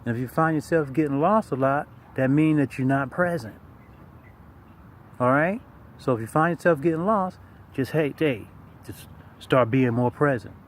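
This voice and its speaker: A man's voice: mid-range voice, moderate pace, pauses often, a little hiss or hum. A man teaching a meditation practice in a casual, emphatic way, talking straight to the listener and repeating his key points. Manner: informal, repetitive, emphatic, talks straight to the listener. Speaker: tai chi and meditation teacher. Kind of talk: casual spoken lesson.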